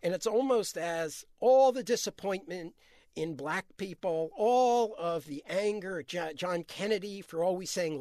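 A man's voice: sits high, lively intonation, measured pace, darkish tone, no echo, studio quality. A man, an author answering interview questions, telling history earnestly with frequent restarts.

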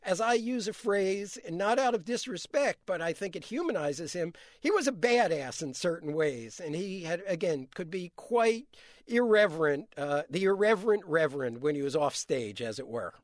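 A man's voice: high voice, expressive, moderate pace, dry recording, clean studio sound. A man, an author answering interview questions, telling history earnestly with frequent restarts.

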